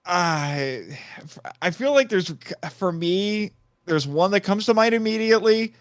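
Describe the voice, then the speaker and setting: A man talking as a podcast guest in casual chat, excitable, laughing often and changing his mind mid-thought. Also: high voice, a little slow, smooth, no room sound, clean studio sound.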